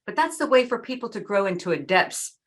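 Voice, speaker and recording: A middle-aged woman giving a talk in an earnest, emphatic way, slowing down to stress key phrases. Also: mid-range voice, very animated. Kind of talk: talk with slides.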